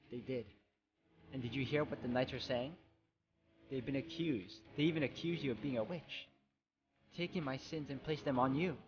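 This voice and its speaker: A cold, scornful witch spirit, played by a man reading a video game aloud, speaking softly and insinuatingly. The recording sounds slightly dull. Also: mid-range voice, background noise, lightly acted. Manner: quiet, taunting, insinuating.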